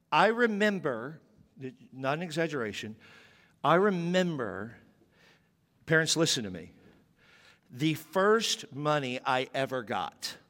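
A man in his fifties preaching a sermon, telling a childhood story with candid, animated quotes. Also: a little high. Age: 50s. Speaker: pastor. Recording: long reverb of a large hall.

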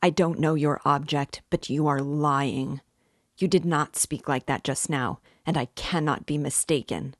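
A proud young man boils over with fury and demands to be left alone, as a woman reads him aloud. The delivery is low and unhurried, even in anger. The sound is dry and close. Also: no room sound. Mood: accusing. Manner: defiant, demanding outbursts. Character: furious, haughty young male suspect. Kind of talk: audiobook reading.

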